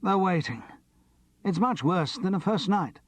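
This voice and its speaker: A man's voice: sits high, animated, measured pace, dry recording, pitched above the performer's own voice. A man voicing a nervous, theatrical young actor with a camp, lightly mocking way of talking.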